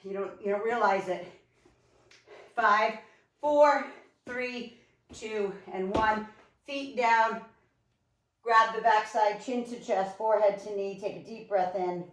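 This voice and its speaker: A woman's voice: medium pitch, slow, long pauses. Woman fitness instructor, out of breath, upbeat and encouraging, counting reps, echoey room, distant mic. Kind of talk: live home workout coaching.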